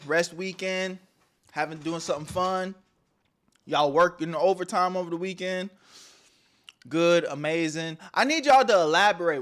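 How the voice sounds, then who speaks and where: A young man hosting a casual livestream, bantering loosely with his chat and swinging between loud calls and mumbled asides. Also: on the high side. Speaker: streamer.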